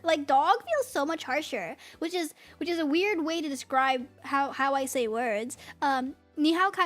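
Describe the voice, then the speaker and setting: A woman's voice: high voice, expressive, normal speed, hardly any pauses, faint music behind. A woman streamer with a light New England accent, chatting casually with her chat in a rambling, giggly, talkative way. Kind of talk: casual livestream chat, reading chat.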